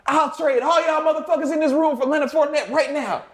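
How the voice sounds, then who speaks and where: A young man putting on the voice of his angry, gruff older football coach in a storytelling interview. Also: very high voice, steady tone, fairly quick, voice pushed up. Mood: barking angry. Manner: barking, profane.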